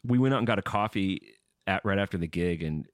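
A man co-hosting a podcast, telling a profane, animated anecdote in casual chat. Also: low-pitched, fast talker, dry recording, clean studio sound. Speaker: podcast co-host and musician.

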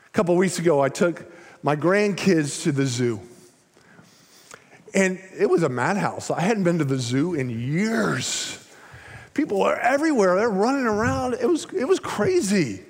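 Older male pastor with a high-pitched voice, preaching with sweeping dynamics in a reverberant hall. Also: big pitch swings, moderate pace. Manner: dramatic swings between loud emphasis and hushed low phrases. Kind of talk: sermon. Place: large church sanctuary.

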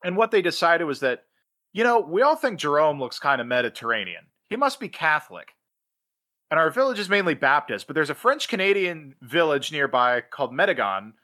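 Man, podcast host, bright tone, rambling storyteller, laughs through sentences, lots of ums. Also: fairly high pitch. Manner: rambling, laughs mid-sentence, many fillers. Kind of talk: casual storytelling chat.

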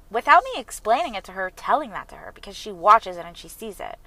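A woman's voice: mid-range voice, big pitch swings, fairly quick, sharp tone, dry recording, rough recording. A woman speaking earnestly and openly about her own growth in a personal, reflective talk.

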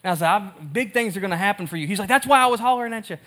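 High, bright-voiced pastor preaching casually. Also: male voice, very fast. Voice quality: lively storytelling, acts out both sides of conversations. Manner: casual and conversational, laughs at himself. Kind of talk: sermon.

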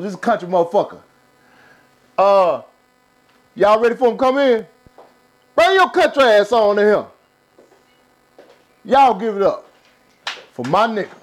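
A man hosting a casual podcast, talking loose and slangy as he hypes up his guests. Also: high-pitched. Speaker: podcast host.

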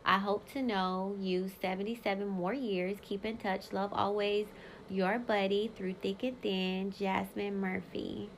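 A woman in her thirties hosts a solo podcast, her voice carrying a steady gravelly fry. She talks frankly and swears freely, speaking straight to her listeners in loose, unscripted chat. Now and then she reads old yearbook messages aloud in the same easy way. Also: mid-range voice, unhurried, a little hiss or hum. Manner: candid, profane and emphatic, talks straight to listeners. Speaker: podcast host.

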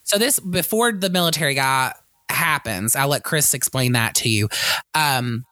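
A man's voice: medium pitch, normal speed, pushed and bright, dry recording. A man co-hosting a casual movie-review podcast, rambling with many fillers and restarts, swearing freely and acting out scenes. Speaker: podcast co-host.

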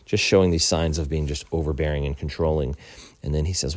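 Very low, dark-voiced man, casual film recap, dry close recording, halting delivery. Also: no echo. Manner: halting, many fillers and restarts. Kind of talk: casual film plot retelling.

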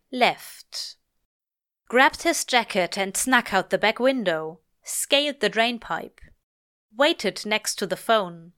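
A woman narrating a piece of fiction, lingering over each line. Her delivery is slow and lyrical, at a middle pitch. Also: animated, fairly bright tone, clean tone. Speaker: reader. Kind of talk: audiobook-style fiction reading.

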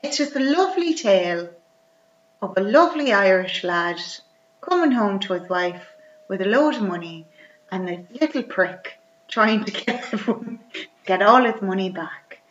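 Animated woman retelling a film. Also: medium pitch, normal speed. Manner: animated storytelling, acting out lines with sweary humour. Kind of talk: casual chat. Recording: roomy, slightly dull recording.

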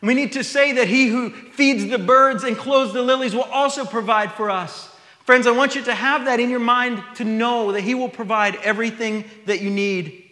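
A man's voice: very high voice, moderate pace, sharp tone, reverberant, long reverb tail. A man preaching a sermon, reading scripture aloud and then explaining it in a conversational way.

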